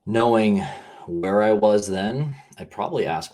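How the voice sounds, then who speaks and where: A man whose voice is on the low side and a little mellow speaks somewhat slowly as a podcast guest. He thinks out loud in earnest, rambling reflection, sprinkling "like" heavily throughout.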